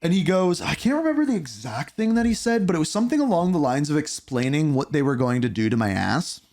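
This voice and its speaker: A man in his thirties telling a candid storytime vlog, animated and blunt, with casual swearing. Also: on the high side, fast. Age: 30s. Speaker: YouTuber.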